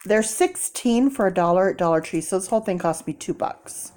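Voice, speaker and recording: A woman's voice: medium pitch, a little fast. Chatty woman vlogger. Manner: animated, mimics people in quoted voices, laughs often. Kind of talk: casual storytelling vlog.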